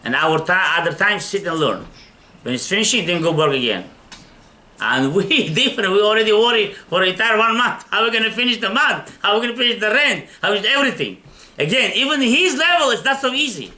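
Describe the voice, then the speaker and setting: A man's voice: high voice, big pitch swings, fairly quick, sharp tone. A man, a rabbi giving a Torah lecture, telling stories and asking his listeners rhetorical questions.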